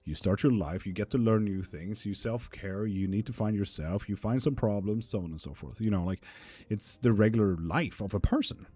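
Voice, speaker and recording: A man with a lowish, mellow voice hosts a casual live stream as a tarot reader. He chats with viewers, calls them honey and swears freely. The sound is dry and close, with soft music behind him. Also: moderate pace, slightly rough, no echo.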